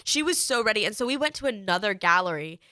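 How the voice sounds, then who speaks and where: A young woman hosts a casual podcast chat, telling a story with animated energy and frequent "like" fillers. Her voice is bright and clear, recorded dry and close to the mic. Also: mid-range voice, fast, dry recording. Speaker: podcast host.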